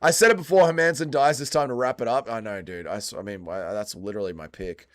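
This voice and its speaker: A man's voice: mid-range voice, fast, slight background noise. A man hosting a fight watch-along stream, swearing a lot and bantering with his chat. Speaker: livestream host.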